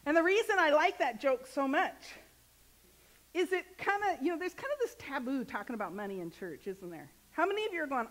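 A woman minister delivers a relaxed, joking sermon, often turning to her congregation with questions. Her voice sits high, and her talk is loose and conversational rather than formal. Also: fairly quick, low-quality recording. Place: church sanctuary.

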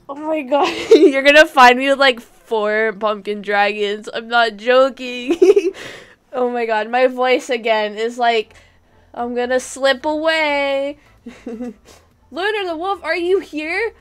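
A young woman live-streaming a game, chatting casually and excitably with bursts of giggles and squeals. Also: high voice, smooth.

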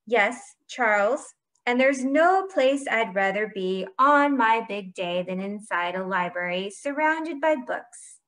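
A woman voicing an eccentric, booming older game-maker in a storybook read-aloud. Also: lively intonation, slow, fairly bright tone. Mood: theatrical. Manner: booming, theatrical.

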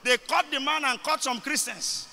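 A man with a Nigerian English accent, a bishop leading a Bible study who preaches and breaks into shouted declarations. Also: extremely high pitch, normal speed. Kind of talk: sermon. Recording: echoey hall.

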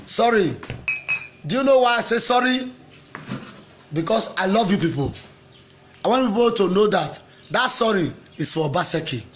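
Man, Nigerian accent, high voice, impassioned political rant, preachy and repetitive. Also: animated, normal speed, long pauses, a little hiss or hum. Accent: Nigerian, Pidgin-inflected. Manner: preachy, repetitive, mixes Pidgin and English, breaks into chant. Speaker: political commentator.

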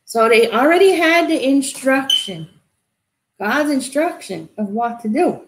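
High-voiced lady telling kids a bible story, lively, echoey room. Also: measured pace, background noise. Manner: animated, asks kids questions. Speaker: children's Bible teacher. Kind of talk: storytelling to children.

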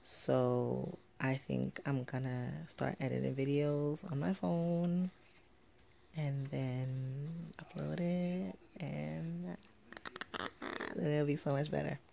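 Speaking slowly in a low, steady, warm voice with vocal fry, a young woman vlogs casually from home at night as her baby sleeps. A little hiss or hum sits under her rambling, filler-heavy chat.

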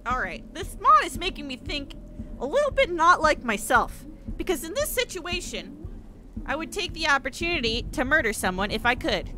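A young woman giving excitable let's play commentary, swearing often and yelping at the screen. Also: sits high, moderate pace, slight background noise. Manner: excitable, swears a lot, yelps and shouts at the screen. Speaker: gaming streamer.

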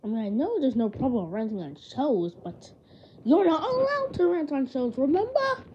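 A woman's voice: a little high, expressive, normal speed, slight background noise, natural voice. A woman voicing a furious parent who scolds shrilly and repeats words, on a dull lo-fi home recording.

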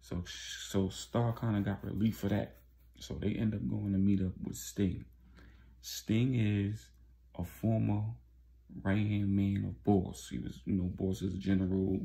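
A man's voice: on the low side, flat delivery, unhurried, gravelly, mellow. A man casually recapping a street story in slangy, loose speech with many fillers.

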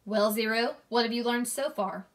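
A woman's voice: fairly high pitch, moderate pace, lightly acted. The warden, cold and sarcastic read by a woman. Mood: probing. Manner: dry, clipped, sarcastic.

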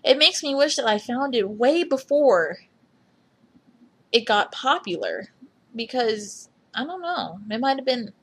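A young woman rambling in a casual voice memo, apologizing often and speaking in a husky voice. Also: on the high side, very animated, a little slow. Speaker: fan recording a voice memo.

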